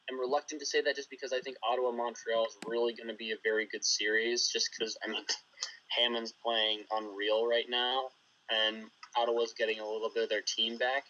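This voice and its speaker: A man's voice: medium pitch, sharp tone. Man on a dull lo-fi mic. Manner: hesitant, restarts his thoughts. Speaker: podcast co-host. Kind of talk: casual sports chat.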